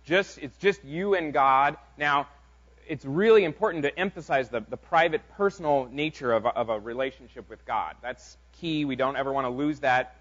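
A man preaching a conversational sermon as pastor, in an informal, halting way with frequent restarts. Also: medium pitch, a bit bright. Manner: informal, halting delivery with many fillers and restarts. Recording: dull lo-fi sound.

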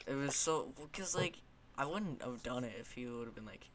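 A man's voice: mid-range voice, a little fast, fairly bright tone. Young male podcast host, loose and joking, noisy home recording. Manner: rambling, joking, with frequent fillers. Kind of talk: casual chat.

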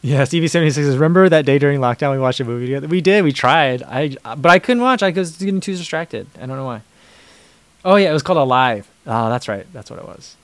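A man's voice: fairly high pitch, expressive, fast, no room sound. A man hosting a livestream, reading viewer comments and chatting casually with many fillers and restarts. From United States. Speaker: livestream host reading chat. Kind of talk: casual chat.

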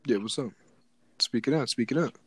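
A young man casually telling a story, animated and excited, repeating words and acting out what people said. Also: medium pitch, fairly quick, husky, no echo.

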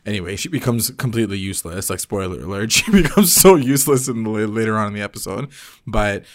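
A young man co-hosts a laid-back recap podcast, retelling scenes in slangy speech and quoting the characters as he goes. His voice sits a little low. It is recorded close and dry, with no room sound. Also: expressive, quick pace, no echo. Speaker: podcast co-host. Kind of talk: casual recap chat.

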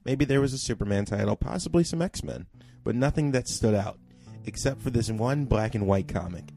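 A man co-hosting a podcast, reading a listener's email aloud with expressive emphasis, then chatting casually. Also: mid-range voice, moderate pace, no echo, faint music behind. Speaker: podcast co-host.

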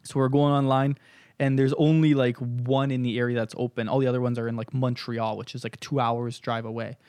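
A man's voice: mid-range voice, little pitch movement, fairly quick, a little mellow, clear, resonant tone, dry recording. A young man from Canada hosting a podcast, telling a long story in casual chat, swearing freely, laughing often and acting out what people said. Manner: swears a lot, laughs often, acts out quotes. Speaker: podcast host.

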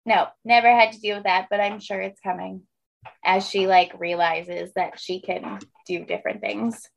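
A woman chatting casually about her young daughter, relaxed and agreeable with short reactions. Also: mid-range voice, normal speed, vocal fry. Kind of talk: casual chat. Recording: dull lo-fi sound.

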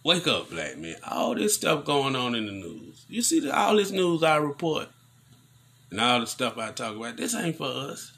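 A man giving casual news commentary on a vlog, preaching in animated rants full of slang. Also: medium pitch, moderate pace, creaky, breathy edge.

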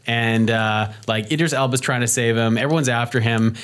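A man's voice: medium pitch, fairly even intonation, normal speed, fairly bright tone, smooth. Rambling man chatting about a movie. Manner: rambling, frequent fillers and restarts. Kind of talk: casual movie review chat.

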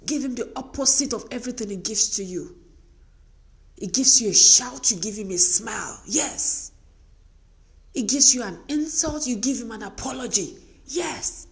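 A woman's voice: on the high side, expressive, moderate pace. A woman giving an earnest, emphatic, faith-based motivational talk to wives. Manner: earnest, emphatic, repetitive exhortation.

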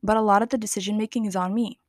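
A woman in her twenties hosting a podcast, talking candidly and casually to listeners in slangy, drawn-out chat. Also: mid-range voice, steady tone, no room sound, studio quality. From Somali family. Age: 20s. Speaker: podcast host. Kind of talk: casual personal monologue.

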